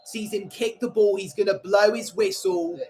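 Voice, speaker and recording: A young man hosting a football watchalong, giving an excitable running play-by-play. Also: high-pitched, normal speed, creaky. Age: young adult. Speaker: livestream host. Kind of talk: live match watchalong commentary.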